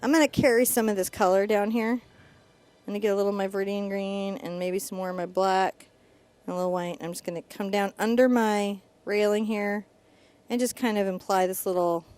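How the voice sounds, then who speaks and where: A woman's voice: medium pitch, darkish tone. A middle-aged woman teaching a live painting class, chatty and upbeat as she narrates each brushstroke. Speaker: painting instructor.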